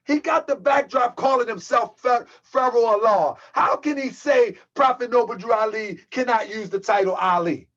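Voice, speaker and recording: A man's voice: very high-pitched, moderate pace, hardly any pauses, fairly bright tone, lo-fi sound. A man hosting his own channel, delivering a heated, mocking rant and calling his viewers family. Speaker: channel host. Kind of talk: livestream rant.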